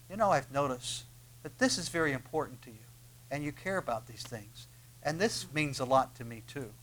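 A man preaching a sermon, telling the story dramatically, swinging from hushed asides to loud proclamations. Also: fairly high pitch, rough recording. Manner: dramatic, acts out the story in quoted voices.

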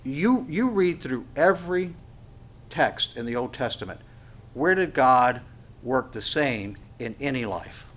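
A man preaching a sermon, swinging between loud emphatic exclamations and hushed asides, often stammering and restarting. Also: medium pitch, lively intonation, unhurried.

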